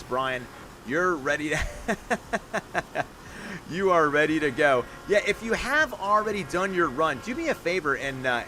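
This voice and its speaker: A man hosting a live stream, calling viewers' monster truck runs and reading out scores in a chatty, upbeat way with excited outbursts. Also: a little high, a little hiss or hum. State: out of breath. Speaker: live stream host and announcer. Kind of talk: live-stream play-by-play commentary.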